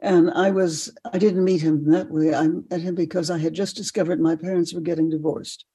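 Gravelly older woman telling stories. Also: on the low side, moderate pace. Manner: animated, laughing often. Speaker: guest. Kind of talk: storytelling in a podcast interview.

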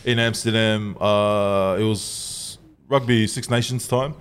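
Low-voiced Australian bloke telling crude stories. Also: male voice, fairly even intonation, slow, clear, resonant tone. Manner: laughing, crude storytelling. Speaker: podcast co-host. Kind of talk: casual banter.

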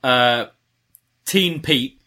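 A man co-hosting a wrestling review show in relaxed chat, his voice bright and forward. He jokes wryly and picks apart the show's storytelling at a middle pitch. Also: extremely slow. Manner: critical, joking, wry. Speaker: wrestling podcast co-host.

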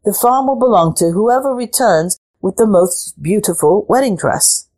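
A woman voices an old farmer father, speaking firmly and urgingly. Her natural, expressive voice is mid-range with a darkish tone, pitched above her own, at a normal speed.

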